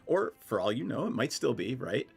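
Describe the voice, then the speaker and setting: A man running a tabletop game as game master, narrating in a relaxed way with fillers. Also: mid-range voice, normal speed, vocal fry, husky, faint music behind.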